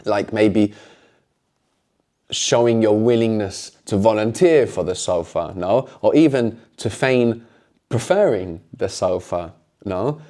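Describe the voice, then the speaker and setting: A man's voice: lowish voice, slow, dark tone. A man teaching a language lesson, explaining patiently and often closing points with a questioning "no?".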